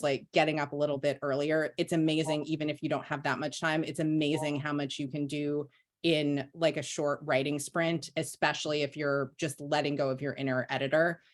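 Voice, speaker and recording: A woman on a panel discussion, earnestly giving practical advice over a video call. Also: low-pitched. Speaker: panelist, mystery writer.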